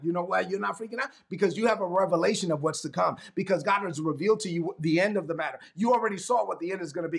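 Preacher guy with a raspy fry in his voice, pushes his points hard and asks the crowd to answer back. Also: high-pitched, animated, fast talker, hardly any pauses. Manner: emphatic, repetitive, builds to shouts; calls for audience response. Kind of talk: sermon.

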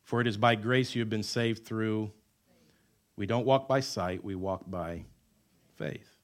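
A man preaching a sermon, who mixes humorous asides with emphatic lines and drops to quiet, stretched-out words. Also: lowish voice, steady tone. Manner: wide swings between loud emphatic lines and quiet, drawn-out words; conversational asides and self-deprecating humor. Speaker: pastor.

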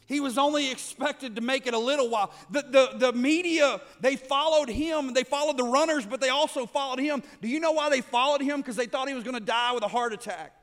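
A man's voice: very high voice, a little fast, few pauses, a bit bright. A man preaching a sermon, building up with repeated phrases and rhetorical questions. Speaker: pastor.

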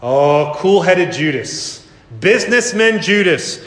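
Pastor guy preaching, acts out the story, slightly high voice, long hall echo. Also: normal speed, fairly bright tone. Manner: vivid storytelling, acts out scenes. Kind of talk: sermon. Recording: echoey hall.

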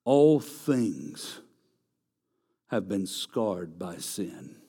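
A man's voice: low voice, sing-song, very slow, vocal fry, dark tone. A man preaching a sermon, emphatic and repeating key phrases for stress. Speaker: pastor.

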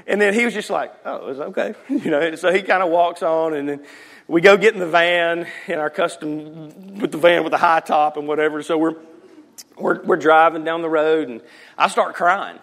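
A pastor in his forties preaches with a somewhat raised pitch, switching between teaching and lively storytelling. He acts out the voices in his stories and laughs along the way. His voice rings out with a long reverb in a church hall. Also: moderate pace. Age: 40s. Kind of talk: sermon. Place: church sanctuary.

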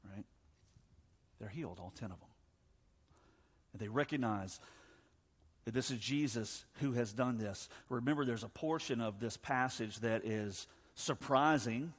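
Emphatic preacher in a reverberant hall. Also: male voice, mid-range voice, unhurried, pauses often, breathy edge. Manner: emphatic, swings from loud to hushed, acts out scripture dialogue. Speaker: pastor. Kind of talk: sermon.

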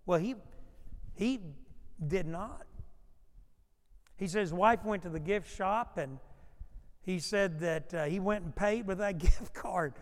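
High-voiced preacher in an echoing sanctuary. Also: male voice. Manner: storytelling preacher who swells in volume when acting out quotes. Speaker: pastor. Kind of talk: sermon. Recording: long hall reverb.

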